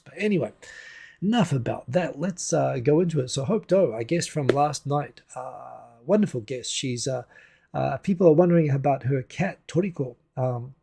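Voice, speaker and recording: Talking into a desk USB mic at home, a livestream host from New Zealand chats casually and responds to viewer comments as they pop up. His voice sits at a medium pitch, with vocal fry and a dark, husky tone.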